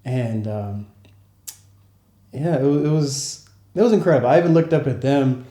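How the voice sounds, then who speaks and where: A young man, a travel vlogger, casually telling a story to camera in a relaxed, slangy way with frequent laughs. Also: medium pitch, moderate pace, reverberant. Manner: laid-back, laughing, slangy, acts out quotes.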